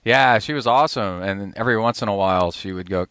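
Male podcast host, lowish voice, jokey and talkative, dry close sound. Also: fairly quick, fairly bright tone, clear, resonant tone, dry recording. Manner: chatty, joking, laughs often. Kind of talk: casual interview chat. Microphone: Skype call.

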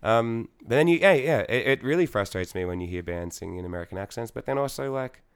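A man's voice: medium pitch, expressive, fast talker, clean tone. A young Australian man, a singer in a band, chatting casually in an interview, rambling with lots of fillers, swearing and laughing.

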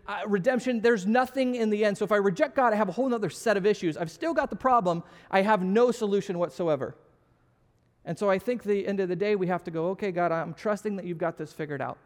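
A man with a high, light voice gives a relaxed, conversational sermon in a church auditorium. He is self-deprecating and jokes with the audience, and the sound trails off in a long reverb from the large hall. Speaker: pastor. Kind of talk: casual sermon with audience questions.

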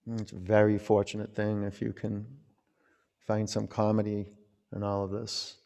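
A male yoga teacher with a low, gravelly voice calls out poses and drifts into relaxed, rambling stories. His talk has a loose, easy flow. The sound rings out with long reverb, as if in a large hall. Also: moderate pace. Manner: relaxed, rambling storytelling between pose cues. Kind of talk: guiding a yoga class with chatty asides.

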